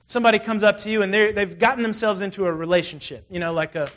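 A middle-aged man preaches from the front of a church, casual and animated, with plenty of asides and stories. His speaking voice sits high for a man. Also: fast talker. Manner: conversational, animated storytelling with frequent asides. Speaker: pastor. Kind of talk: sermon.

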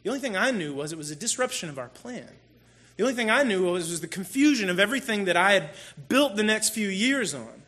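A man with a high, crisp voice shares a personal story from the pulpit. He tells it in an animated, self-deprecating way, speaking directly to his listeners. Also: fast talker. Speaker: church speaker.

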